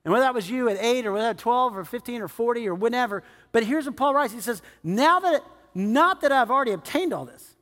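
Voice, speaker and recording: Male preacher, animated and chatty, high-pitched, reverberant sanctuary. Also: quick pace, few pauses. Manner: animated, conversational, acts out quotes. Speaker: pastor. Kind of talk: sermon.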